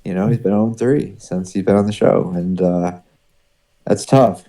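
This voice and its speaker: Low mellow New England man hosting. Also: normal speed. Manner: hesitant, filler-heavy, runs the picks. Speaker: podcast host. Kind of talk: casual panel chat.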